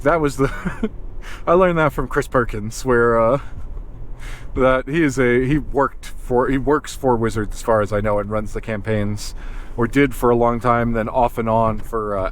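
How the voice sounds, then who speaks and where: A man talks to his camera in a loose, rambling vlog, stopping and restarting as he thinks aloud. His voice sits at a middling, ordinary pitch. He sounds like a wildlife filmmaker chatting on his way out on a cold morning. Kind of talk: casual rambling vlog monologue. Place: in a car, then outdoors in a cold parking lot.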